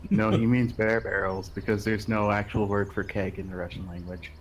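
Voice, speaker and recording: A man's voice: fairly low pitch, level tone, moderate pace, a little hiss or hum, rough recording. A man on a gaming stream trading dry, sarcastic jokes about the game. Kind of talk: let's play banter.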